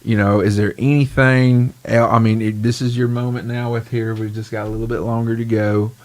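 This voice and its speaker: A man hosting a podcast in casual chat, animated and rambling, laughing often. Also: medium pitch, a little fast. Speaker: podcast host.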